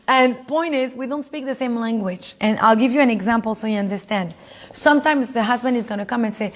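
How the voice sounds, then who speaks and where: A woman leads a class with quick, animated delivery and a fairly high voice. She slips into playful voices for the couples in her stories and laughs easily. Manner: animated, acts out quoted spouses in higher voices, laughs often. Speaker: Torah class teacher. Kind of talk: lively class talk to a live audience.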